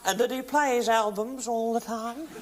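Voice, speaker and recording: A man's voice: extremely high pitch, normal speed, over a noisy crowd. A man playing a flamboyant, teasing middle-aged woman star who hosts a comic chat show and calls everyone darling. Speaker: talk show host. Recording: loud studio audience and noise.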